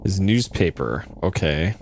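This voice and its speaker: A man's voice: low voice, lively intonation, unhurried. A man giving casual, laid-back let's play commentary as a streamer.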